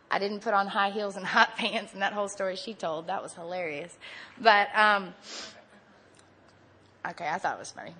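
At a recovery meeting, an adult woman with a mid-range voice gives a candid personal testimony, animated and laughing often.

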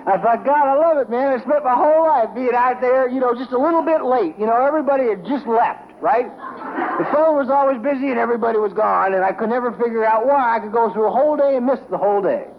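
A man's voice: very high voice, quick pace. A man telling stories to a recovery meeting in a large room, rambling and colloquial, with a wry sense of humor. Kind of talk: humorous storytelling talk to a group. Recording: dull lo-fi recording with faint noise.

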